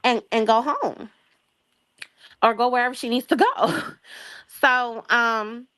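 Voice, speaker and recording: A young adult woman from the Chicago area, a guest telling a long story in a casual chat, lively and acting out the voices of the people in it. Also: a little high, slow. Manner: lively, acts out quoted voices, laughs often.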